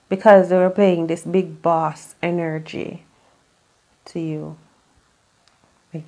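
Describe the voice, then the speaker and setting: Mellow-voiced chatty woman reading tarot. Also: mid-range voice. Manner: rambling, chatty, with many fillers and asides. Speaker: tarot reader.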